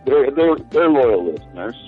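A man's voice: mid-range voice, sing-song, moderate pace, husky, faint music behind. A man co-hosting over the telephone, speaking in an easygoing, friendly way. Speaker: co-host. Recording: tinny phone line.

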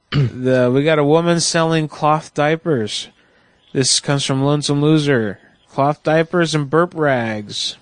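A man hosting a prank call show, asking crude questions in a deadpan, mock-confused way. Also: fairly high pitch, takes it slowly, no echo. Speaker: host.

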